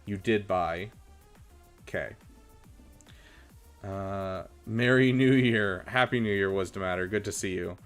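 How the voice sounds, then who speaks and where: Laid-back young male streamer, lowish voice. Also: unhurried, pauses often, clear, resonant tone, soft background music. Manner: relaxed, chatty, many fillers, gives advice. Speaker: streamer reviewing viewers' game rosters. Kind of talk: casual live-stream chat.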